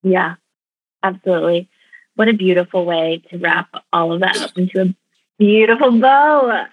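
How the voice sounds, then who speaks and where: A woman's voice: lowish voice, flat delivery, moderate pace, no echo. A woman in her thirties, a podcast guest, chatting in a bubbly, self-deprecating way over a remote call. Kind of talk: casual podcast conversation. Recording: thin phone-like remote audio.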